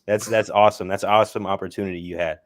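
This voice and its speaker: A man's voice: fairly low pitch, fairly even intonation, rapid-fire. A man calling in to a sports show, eager and rambling, stumbling over his words. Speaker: caller. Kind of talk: phone-in chat.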